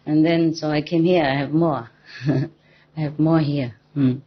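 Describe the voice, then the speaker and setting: A woman's voice: low-pitched, steady tone, a little slow, husky. A woman spiritual teacher giving an informal dharma talk to a gathering, playful and teasing, often laughing. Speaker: spiritual teacher addressing disciples. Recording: dull lo-fi recording.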